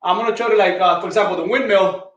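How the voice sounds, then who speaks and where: A man's voice: high-pitched, fast, a bit bright, echoey room, lo-fi sound. A man leading a live online kettlebell class, counting reps and giving coaching cues while out of breath. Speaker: fitness coach.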